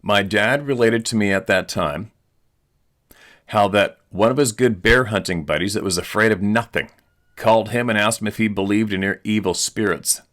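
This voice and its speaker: A male host reading a listener's eyewitness letter aloud in an earnest, steady storytelling manner. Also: on the low side, moderate pace.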